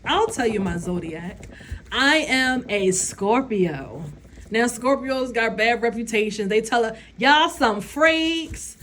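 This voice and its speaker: A woman's voice: on the high side, animated, unhurried, fairly bright tone, a little hiss or hum. A woman vlogger, giving blunt, profane opinions in a casual rant and laughing often.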